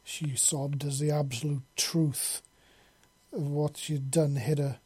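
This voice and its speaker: A narrator reading an explicit chapter of a fantasy audio story in a steady, blunt delivery with coarse words. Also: medium pitch, a little slow, husky, no echo.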